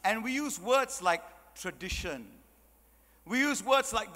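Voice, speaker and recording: Guy giving a jokey motivational talk, high voice, lots of hall reverb. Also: unhurried. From Malaysia. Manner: animated, joking, chatty with many "you know"s. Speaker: motivational speaker. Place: large hall.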